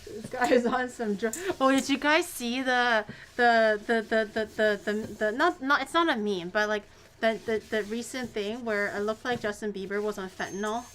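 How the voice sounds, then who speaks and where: A woman's voice: on the high side, normal speed, fairly bright tone, slight background noise. A woman streaming herself cooking at home, chatting casually in a rambling way with exaggerated reactions. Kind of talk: casual livestream chat.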